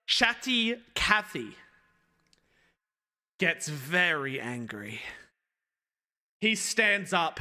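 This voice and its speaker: A young man streaming a stand-up set, telling an animated story and breaking off for asides to his chat. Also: high voice.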